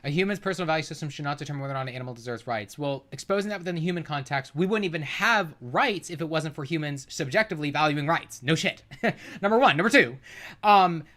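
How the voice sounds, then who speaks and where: A man's voice: on the high side, fast, pushed and bright. Heated, swearing male streamer arguing points. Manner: profane, argumentative, exasperated, often laughing. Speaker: streamer reacting to a debate. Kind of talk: heated livestream commentary.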